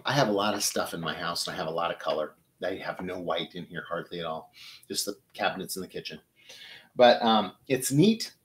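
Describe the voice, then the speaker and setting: A man's voice: mid-range voice, background noise. A middle-aged man from Michigan hosting a live flower-arranging show, chatting to viewers as he works. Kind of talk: casual live demonstration.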